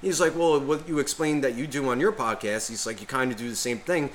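A man's voice: medium pitch, brisk, a little hiss or hum. A man co-hosting a podcast, rambling and swearing constantly as he rants in casual chat. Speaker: podcast co-host.

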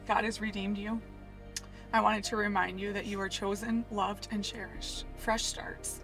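A woman's voice: mid-range voice, a bit bright. Woman tenderly reading a letter. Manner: heartfelt, tender. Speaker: church staff member. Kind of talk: reading a personal letter aloud. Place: inside a parked van.

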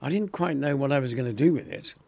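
An older actor telling lively anecdotes in an interview, acting out other people's lines and laughing often. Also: male voice, mid-range voice, fast talker, creaky, no echo. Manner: animated storyteller, acts out quoted voices, laughs often. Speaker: actor guest.

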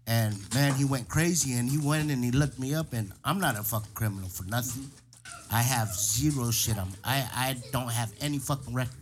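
A man's voice: medium pitch, fairly quick, slight background noise. A man telling a rowdy, profane story in casual chat and laughing as he goes.

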